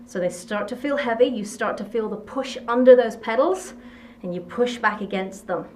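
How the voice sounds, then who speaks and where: A woman's voice: a little high, moderate pace, a little hiss or hum. A woman leading a workout as fitness instructor, giving short encouraging coaching cues.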